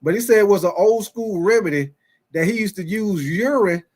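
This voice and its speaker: A young man with a drawl hosts a loose sports talk show in a fairly high voice. He rambles in an animated way, laughs often and circles back to repeat his lines as he calls out to viewers. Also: normal speed. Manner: animated, laughing often, repeats phrases, reads live chat. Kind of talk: casual chat.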